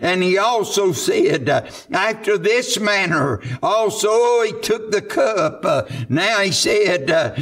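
A man's voice: high voice, animated, takes it slowly, hardly any pauses, fairly bright tone. A man with a Southern US accent preaching a sermon in a church, fervent and full of "uh" fillers. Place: church sanctuary.

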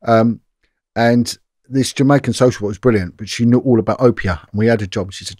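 This guest, a middle-aged retired police detective, rattles off long stories in a brisk, mid-range voice, animated and riddled with fillers, restarts and repeats. The storytelling interview is recorded dry with clean studio sound.

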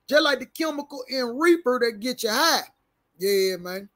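This reaction commentator has a very high, pushed and bright voice with lively intonation at normal speed. Reading a report aloud, he trips over big words, keeping his commentary slangy and casual as he jokes with viewers.

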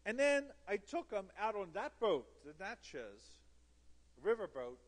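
Animated man telling stories in a hall. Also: high voice, measured pace. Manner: animated, theatrical storyteller with emphatic repetition. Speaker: conference speaker. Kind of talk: storytelling keynote talk. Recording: long hall reverb.

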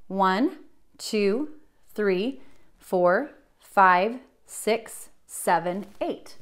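A young woman teaching a children's music class, encouraging and sing-song, drawing her words out for little kids. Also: medium pitch. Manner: bright, encouraging, slow and drawn out for young children.

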